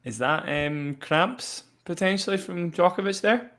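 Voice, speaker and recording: A man's voice: high voice, unhurried, fairly bright tone. Man giving analytical tennis commentary. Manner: analytical, observant. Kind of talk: casual match commentary.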